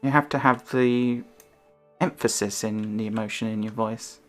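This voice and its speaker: A woman's voice: a bass voice, steady tone, moderate pace, faint music behind. A woman streamer chatting casually in a rambling, self-conscious way, her intonation rising and falling.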